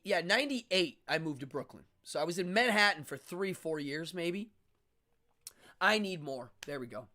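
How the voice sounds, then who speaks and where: A middle-aged man hosting his own casual talk show. He rambles from story to story in a chatty, loose way and acts out the voices of people he quotes. His voice rides a lively, swinging melody. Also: fairly high pitch. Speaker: host. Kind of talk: casual monologue.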